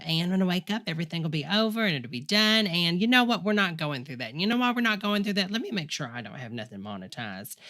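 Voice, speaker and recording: A woman's voice: fairly low pitch, pushed and bright. A woman playing a sassy, foul-mouthed church-leader character who rants in a rambling way and calls her viewers honey, in a comedic livestream. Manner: profane, rambling ranting, calls listeners honey.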